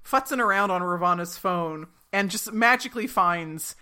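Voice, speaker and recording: Bright, chatty woman recapping a show. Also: on the low side, moderate pace, smooth. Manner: chatty, retells scenes in playful quoted voices. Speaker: podcast co-host recapping a TV episode. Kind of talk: casual recap chat.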